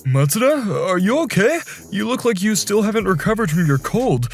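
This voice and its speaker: Pitched above his natural register, a man voices a stern but caring older office boss, scolding firmly with a mood of firm concern. His high voice swings widely in pitch at a moderate pace, with soft music in the background.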